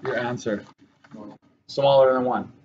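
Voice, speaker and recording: A man's voice: mid-range voice, steady tone, unhurried, darkish tone, muffled recording, slight background noise. A male math teacher giving a classroom lesson, often checking that his students follow.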